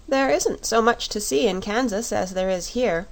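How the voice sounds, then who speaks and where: A woman's voice: medium pitch, normal speed, close to an everyday voice. Young girl, sincere and direct, as a woman reads her. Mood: thoughtful. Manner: plain, sincere. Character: earnest young farm girl.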